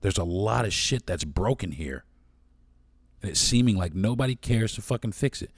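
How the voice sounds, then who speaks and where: Low-voiced man, blunt podcast host. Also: lively intonation, normal speed, breathy edge, dry recording, clean studio sound. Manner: blunt, profane and impassioned. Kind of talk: solo podcast monologue.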